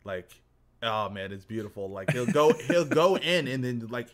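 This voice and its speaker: A man chatting casually with a friend about a game, telling stories with lots of profanity and high mocking impressions of friends. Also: moderate pace, a crowd in the background. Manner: animated storytelling, doing high mocking voices of friends, profane. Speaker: streamer. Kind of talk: casual chat.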